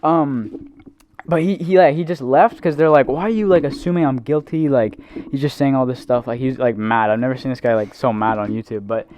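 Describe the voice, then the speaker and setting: A man's voice: medium pitch, fairly even intonation, normal speed, darkish tone, slight background noise. A young man co-hosting a casual podcast, rambling through a story with lots of fillers. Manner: rambling storytelling, heavy use of like and um. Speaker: podcast co-host. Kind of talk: casual chat.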